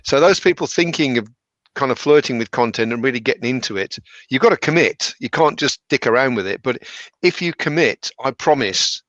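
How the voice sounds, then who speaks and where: Joking Black Country dad, dull audio. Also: male voice, mid-range voice, animated, a little fast, fairly bright tone, no echo. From English Black Country. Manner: jokey, rambling, self-interrupting. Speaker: company director, dad. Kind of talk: casual chat. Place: indoor, video call.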